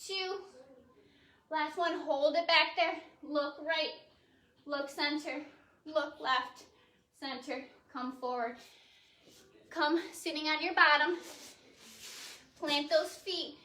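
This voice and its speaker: A woman instructor leading a home pilates class, counting reps and giving steady, encouraging cues, recorded on a phone. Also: sits high, slow pace, long pauses, reverberant, recorded from a distance. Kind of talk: cueing a home workout class. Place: warehouse studio.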